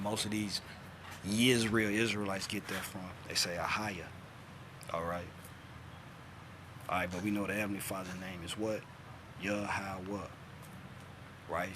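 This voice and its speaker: A man giving an informal bible teaching in a streetwise, insistent way, often checking in with his listeners. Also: noisy background. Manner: streetwise, keeps adding "man" and "all right?"; insistent, swings from loud to low. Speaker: scripture teacher.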